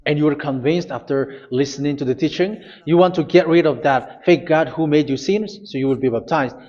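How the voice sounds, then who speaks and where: Male preacher, high-ish voice, forceful repeated commands, dull lo-fi audio. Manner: emphatic, repetitive commands with hesitations. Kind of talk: sermon.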